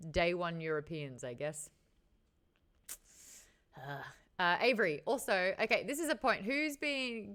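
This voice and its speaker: A woman's voice: lowish voice, fairly bright tone, clean tone. A woman hosting a casual book discussion, chatting frankly with her live viewers and swearing now and then. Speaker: host of a book chat show.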